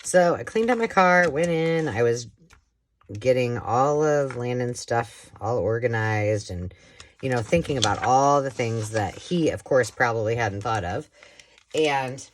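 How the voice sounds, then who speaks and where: Chatty, lively-voiced woman crafter vlogging. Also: rumbling low, unhurried, a little hiss or hum. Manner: rambling, animated storyteller who laughs often and acts out quoted voices. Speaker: craft channel host. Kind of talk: chatty crafting vlog, storytelling while working.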